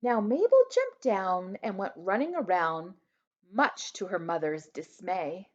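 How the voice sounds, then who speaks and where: A woman teacher reads a rhyming picture book aloud in an unhurried, sing-song voice, slipping into quiet asides for young listeners. Her pitch rises and falls with lively swings. The recording is dull and lo-fi.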